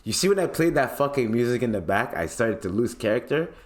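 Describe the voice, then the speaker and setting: A man's voice: mid-range voice, expressive, brisk. A man hosting a podcast, ranting in a blunt, profane, mocking way as he gives casual commentary. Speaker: podcast host.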